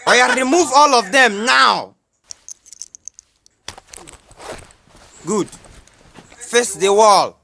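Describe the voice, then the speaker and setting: An actor playing an angry, strict schoolteacher who yells orders at noisy pupils in a comedy skit, on a noisy played-back clip. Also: mid-range voice, animated, slow pace, creaky, exaggerated voice. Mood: scolding. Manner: yelling, barking orders.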